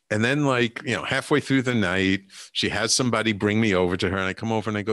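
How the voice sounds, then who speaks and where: A man's voice: moderate pace, few pauses, dry recording, studio quality. A middle-aged man, a podcast guest, telling a personal story in a casual way and acting out the quotes with a lifted voice. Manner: animated, acts out quotes with rising pitch. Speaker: podcast guest, healer and coach.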